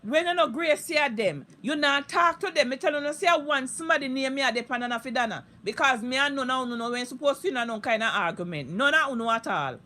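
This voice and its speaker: Jamaican woman with a high, piercing voice, ranting live in thick Patois, heated and foul-mouthed. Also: lively intonation, quick pace, hardly any pauses, pushed and bright. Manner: heated, profane, repetitive ranting. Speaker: social media live streamer. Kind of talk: unscripted live-stream rant.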